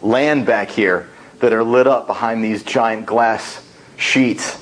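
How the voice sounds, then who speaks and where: A man voicing a stern, long-winded male shadow president in a spoken tall tale, with a husky voice. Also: on the low side, steady tone, slow, fairly bright tone, low-quality recording.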